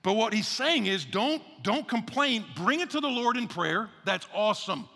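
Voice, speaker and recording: High, gravelly pastor in an echoing church. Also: male voice, moderate pace, faint music behind. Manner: energetic, repeats phrases for emphasis, acts out quotes. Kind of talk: casual conversational sermon. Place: church sanctuary. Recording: long reverb of a large church hall.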